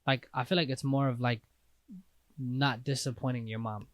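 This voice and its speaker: A man's voice: medium pitch, steady tone, normal speed, no room sound. A man in casual conversation, talking loosely and hesitantly with lots of slang fillers. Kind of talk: casual faith discussion.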